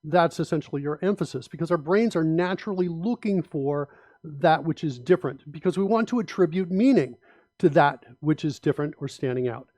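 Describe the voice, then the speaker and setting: A middle-aged man with a notably high voice presents a design talk from his slides. He speaks in a relaxed, conversational way, filling pauses with ums and uhs. The recording is dry and close. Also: no room sound. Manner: relaxed, conversational, many fillers.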